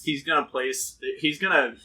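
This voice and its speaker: A man's voice: fairly high pitch, normal speed, bright, forceful tone, slight background noise, rough recording. A man playing a tabletop role-playing game who answers in character with cool, sarcastic retorts. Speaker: player.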